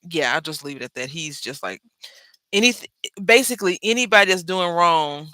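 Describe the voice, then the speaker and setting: A woman talks through a crafting project in a bright, forward voice, swinging her pitch up and down as she chats. She drifts into rambling asides to her viewers. The sound is close and dry, with no room echo. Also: expressive, normal speed. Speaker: crafting channel host. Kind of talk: casual crafting tutorial chat.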